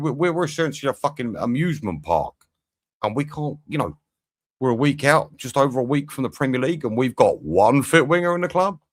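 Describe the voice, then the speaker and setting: Sweary low-voiced football fan. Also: male voice, dry recording, clean studio sound. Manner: sweary, exasperated, chatty with viewers. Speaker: football watch-along streamer. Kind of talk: live match commentary and chat.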